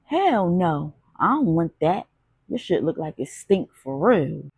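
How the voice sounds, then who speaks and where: A woman's voice: on the low side, big pitch swings, slow, vocal fry, darkish tone, slightly rough, dry recording, heavily acted. A woman voicing a hard, cursing male street dealer. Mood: dismissive. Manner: blunt street slang, cursing. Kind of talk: audiobook character voicing.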